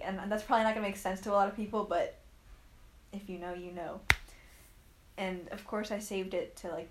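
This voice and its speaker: A woman chatting casually with a friend, rambling with lots of "like" and playful teasing. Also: mid-range voice. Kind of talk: casual chat between friends.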